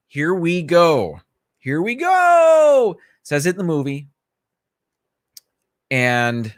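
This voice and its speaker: Male livestream host: casual, rambling chat, greets viewers by name, mid pitch, dry room. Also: fairly bright tone, no room sound. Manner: easygoing, self-correcting asides. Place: small home studio.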